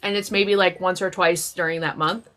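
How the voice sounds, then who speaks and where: A woman's voice: on the low side, fairly even intonation, normal speed, pushed and bright. A woman hosting a casual live stream chat, rambling with many fillers and restarts.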